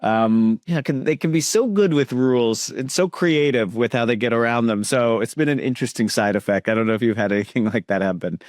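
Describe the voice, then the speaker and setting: A man's voice: medium pitch, a little fast, few pauses, a little mellow, no room sound. Hesitant male podcast host, dry sound. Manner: hesitant, many fillers and restarts. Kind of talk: casual conversational interview.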